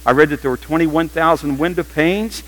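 An older man preaching a sermon in a church, animated and humorous, slipping into playful quoted voices. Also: on the high side, moderate pace, rough recording. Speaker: pastor.

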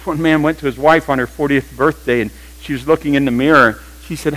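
An older man preaches to his congregation in a church. He is animated and humorous, and his voice sits somewhat high for a man. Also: fairly quick, poor audio. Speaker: pastor. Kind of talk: sermon.

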